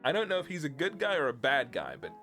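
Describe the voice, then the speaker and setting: A man's voice: fairly high pitch, huge pitch swings, fast, bright, forceful tone, faint music behind. A young British man, a streamer, rambling through a casual chat and laughing often. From Britain.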